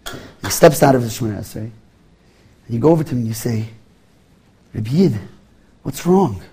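A man's voice: mid-range voice, fast, dark tone, breathy edge. A man giving a sermon as a rabbi, acting out little scenes in quoted voices as he teaches.

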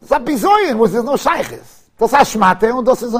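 A man teaching a Torah class. He tells stories in an animated way, mixes in Hebrew and Yiddish terms, and rises to emphatic shouts. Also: extremely high pitch, fairly quick, husky.

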